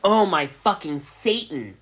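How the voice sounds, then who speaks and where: A man voicing a brash young gothic witch girl, snotty and loud. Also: medium pitch, moderate pace, natural voice. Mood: shrieking.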